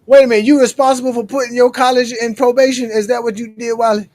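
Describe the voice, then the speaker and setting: A man hosts a casual sports chat in a quick, high voice, teasing his guest without letup. He rattles off old stats with playful digs. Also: level tone, a little mellow. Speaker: host.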